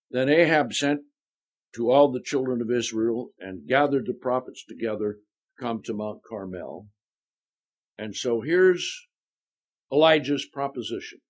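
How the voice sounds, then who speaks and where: A man's voice: mid-range voice, husky. Older man preaching a folksy sermon. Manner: conversational, folksy asides. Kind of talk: sermon, Bible teaching.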